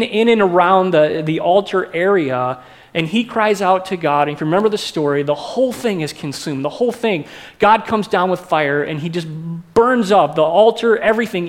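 A male pastor preaching a sermon in a conversational way, asking the congregation questions. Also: high voice.

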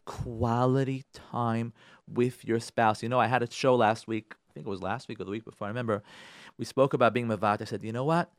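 A rabbi hosting a radio talk show, speaking on Torah and marriage and repeating key phrases for emphasis. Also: male voice, medium pitch, fairly even intonation, brisk, no room sound, clean studio sound.

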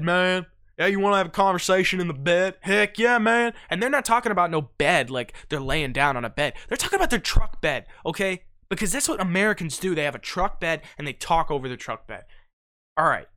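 A man hosting a podcast, casually breaking down a song in slangy talk and checking in with "okay?" after each point. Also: fairly high pitch. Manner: animated, keeps checking in with "okay?"; slangy, calls listener "dude" and "bro". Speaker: podcast host.

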